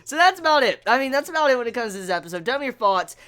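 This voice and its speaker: Excitable woman anime reviewer, casual and profane, frequent laughter. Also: fairly high pitch, very fast. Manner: excitable, swears a lot, laughs often.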